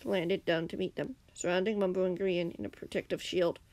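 A woman's voice: fairly low pitch, fairly even intonation, brisk, no room sound. A woman reading her own fan story aloud, stumbling and laughing now and then. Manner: reads with slips and giggles, acts out shouted lines. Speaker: fanfiction reader.

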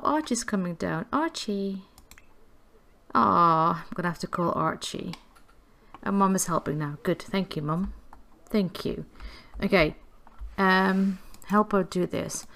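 A woman giving casual gameplay commentary, chatty and giggly, cooing affectionately at the characters on screen. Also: medium pitch. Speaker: gameplay video creator.

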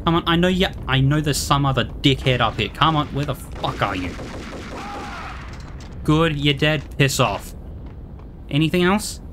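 A woman's voice: low-pitched, lively intonation, unhurried, long pauses, a bit bright, slight background noise. A woman giving let's play commentary, ranting and swearing at enemies in exasperation. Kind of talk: gameplay commentary.

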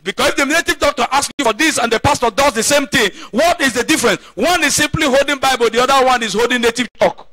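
A male pastor preaches in a very high, piercing voice, hammering home his points with repeated questions thrown back at the congregation. The sound is dry and close, with almost no room echo. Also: fast, hardly any pauses, pushed and bright. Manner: emphatic preaching with repeated call-and-response questions. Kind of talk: sermon. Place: church.

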